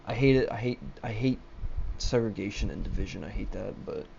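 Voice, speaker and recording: A man's voice: lowish voice, brisk, creaky, a little mellow, slight background noise. Young man, rambling solo rant, swearing, stammering restarts, muffled webcam mic. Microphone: laptop webcam mic.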